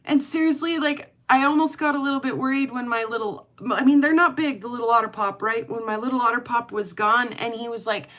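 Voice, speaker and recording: Middle-aged woman host with a slightly high voice, chatting in a loose, giggly way. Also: fairly even intonation, fairly quick, hardly any pauses, a bit bright. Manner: chatty and rambling, laughs often. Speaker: livestream host. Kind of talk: casual chat.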